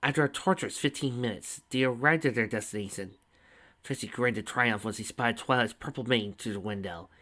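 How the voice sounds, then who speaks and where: A man reading a fan fiction story aloud at a steady, even pace. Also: medium pitch, brisk. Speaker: story reader.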